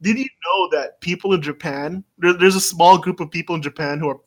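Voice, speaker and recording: A man's voice: high voice, fairly even intonation, fairly quick. A man co-hosting a podcast, telling fun facts in a laid-back, casual way, often saying "dude". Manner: laid-back storyteller, says "dude" a lot. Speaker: podcast co-host. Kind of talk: casual chat.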